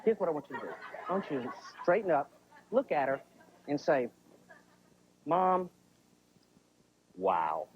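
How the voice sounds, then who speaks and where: A male comedian working the crowd in a stand-up routine, with a lively, bouncing pitch. He keeps checking in with his listeners. The sound is muffled, like a 1980s TV broadcast. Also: fast talker, slight background noise. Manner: chatty, keeps asking the crowd "right?".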